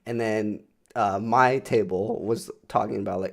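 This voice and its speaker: A man's voice: lowish voice, measured pace, gravelly. Rambling, swearing young guy. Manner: rambling, profane, animated storytelling with many fillers. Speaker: podcast co-host. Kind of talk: casual storytelling chat.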